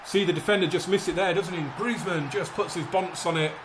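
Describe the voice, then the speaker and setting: A man's voice: high voice, a little fast, background noise. A man doing live commentary as he plays a football management game, calling the action and fretting about results. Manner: excitable, commentates like a match caller, frets aloud. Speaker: gaming YouTuber playing a football management game.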